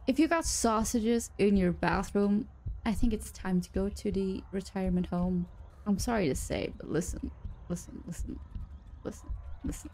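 Slow-talking young woman streamer. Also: mid-range voice, dark tone. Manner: chatty, emotional reactions, casual swearing. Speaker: gaming streamer. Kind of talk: let's play commentary.

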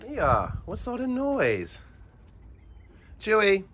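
A man's voice: on the high side, animated, a little slow. A man at a dog sanctuary, talking in sing-song baby talk to his dogs as he walks among them, recorded outdoors on a phone. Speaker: animal sanctuary keeper. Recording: loud background noise from barking dogs. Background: dogs barking.

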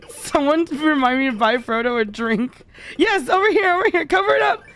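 A woman's voice: sits high, animated, a little fast, a bit bright, soft background music. A woman streaming a co-op game, chatting casually and teasing her teammates with lots of giggles. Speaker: VTuber streamer. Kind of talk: casual gaming stream chat.

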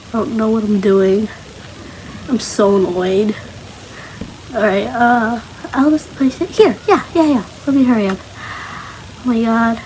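Her voice sits a little high and slightly mellow, unhurried and broken by frequent pauses, captured in low quality with faint background noise. She's a young gaming host narrating casual Minecraft play, talking anxiously to herself and startling easily.

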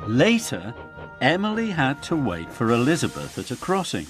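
A man with a British accent narrating a children's storybook in an animated read-aloud manner. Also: medium pitch, moderate pace. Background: background music.

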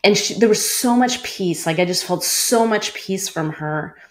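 A woman's voice: mid-range voice, measured pace. A woman in her forties, a former cancer doctor, earnestly telling a personal story in an interview, with many "like" fillers.

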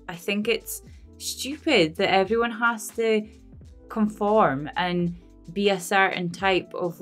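A Scottish woman chatting casually to camera as a film reaction vlogger, rambling, self-deprecating and laughing often. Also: lowish voice. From Scotland. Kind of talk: casual unscripted chat to camera.

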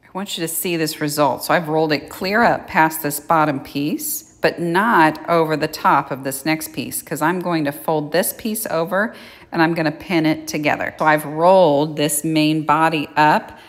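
Lady with a low voice walking you through a sewing project, chatty, kitchen with some reverb. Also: normal speed. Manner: chatty, plain-spoken step-by-step explaining. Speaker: sewing instructor. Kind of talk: casual how-to tutorial. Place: home kitchen.

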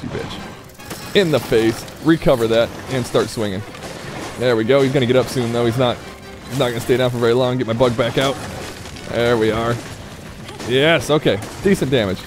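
A man giving casual let's-play commentary, chatting, cursing and talking to the monster as he plays. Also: mid-range voice. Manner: chatty, swears often, talks to the monster. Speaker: gameplay commentator. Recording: game music underneath. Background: game music.

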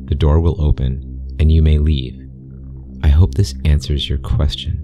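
A man voicing a mysterious male interviewer speaking through a speaker, calm, polite and cold, with an accent that is neither British nor American. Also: rumbling low, moderate pace, over music. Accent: unplaceable accent, neither British nor American.

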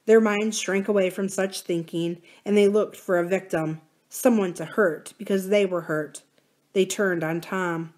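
Library lady reading a novel out loud, measured and expressive, mid pitch. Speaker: library reader.

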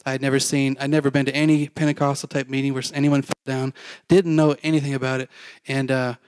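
A man's voice: mid-range voice, level tone, fast talker, smooth, dry recording. A middle-aged male pastor telling a personal story in a casual sermon, self-deprecating and acting out the dialogue.

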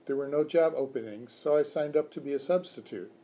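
A man's voice: a little high, a little fast, warm tone, natural voice. A man voicing a discouraged young male substitute teacher in a children's book read-aloud, talking in a weary, earnest way.

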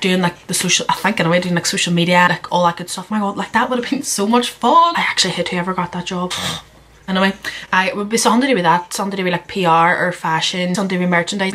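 On the low side with a fairly bright tone, this young adult YouTuber takes viewer questions in a relaxed vlog. Candid and self-mocking, she chats away and rambles, dropping plenty of "like"s.

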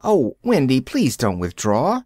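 Boastful eager boy voiced by a man, storybook, lively pitch, dry close sound. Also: measured pace, no room sound. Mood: pleading. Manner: boastful, excited. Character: cocky eager boy who won't grow up.

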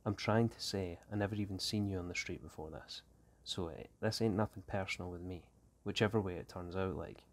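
A man with a deep voice reading a tense teenage gang boy who talks in street slang. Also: a little fast, few pauses, a little hiss or hum. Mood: guarded. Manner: slangy street talk, guarded and restless.

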